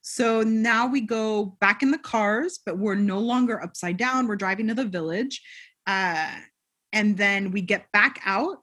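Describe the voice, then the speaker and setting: This is a woman co-hosting a podcast in casual chat. She retells a film's story with lively energy and slips into quick impressions of the characters. Her voice sits at an ordinary middle pitch. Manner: animated storyteller, acts out quotes. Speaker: podcast co-host. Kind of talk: casual film recap chat.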